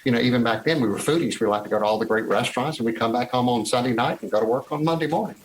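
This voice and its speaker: Lively storytelling man in his sixties. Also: mid-range voice, very fast, slight background noise, poor audio. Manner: animated storyteller who acts out past conversations. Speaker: guest. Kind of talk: casual storytelling interview.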